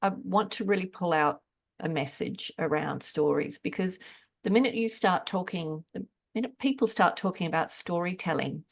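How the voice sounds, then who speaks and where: Woman podcast host, halting questions. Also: fairly low pitch, creaky. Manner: halting, restarts while framing questions. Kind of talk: conversational interview.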